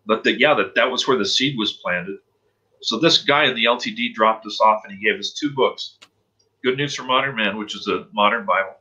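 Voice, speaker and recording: Man guest, deep-ish bright voice, earnest testimony, slightly muffled recording. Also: brisk. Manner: earnest, emotional storytelling. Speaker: interview guest. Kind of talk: personal testimony in interview.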